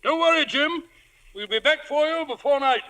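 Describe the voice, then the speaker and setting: Fussy upper-class squire, high and sharp, old-time radio. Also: male voice, moderate pace. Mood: brisk. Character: blustering gentleman squire. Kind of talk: 1950s radio drama acting.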